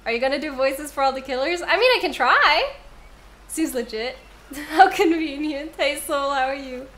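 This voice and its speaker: A woman's voice: high voice, animated, normal speed, a bit bright. A young woman streaming a game from home, reading the game text aloud and chatting playfully with viewers, often giggling.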